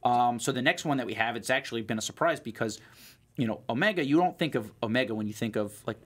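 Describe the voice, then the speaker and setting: A man's voice: medium pitch, fast. A man co-hosting a show as a watch trader, talking in a rambling casual way with lots of fillers and restarts. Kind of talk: casual chat.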